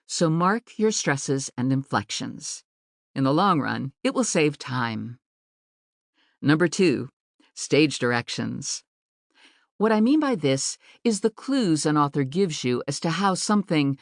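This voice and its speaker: Woman audiobook narrator, low voice, animated, dry studio sound; clear, emphatic teaching reads. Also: no echo. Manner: clear, deliberate teaching delivery with marked emphasis. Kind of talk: scripted instructional narration. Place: recording studio.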